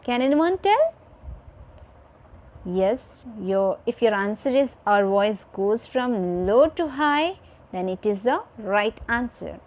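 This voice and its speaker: A woman's voice: a little high, big pitch swings, slow, darkish tone. A woman teacher giving a recorded video lesson to children, repeating each point and checking in with "fine" and "okay".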